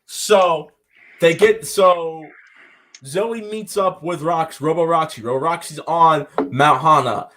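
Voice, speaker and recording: A man's voice: fairly high pitch, sharp tone, slight background noise. Upbeat man recapping an episode. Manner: rambling, quick recaps with voiced-out quotes. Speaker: podcast co-host.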